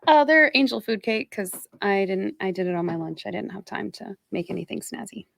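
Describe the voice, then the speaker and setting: A woman's voice: medium pitch, fairly quick, vocal fry, no echo, clean studio sound. A woman co-hosting a podcast in casual chat, wry and playful, laughing easily. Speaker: podcast co-host.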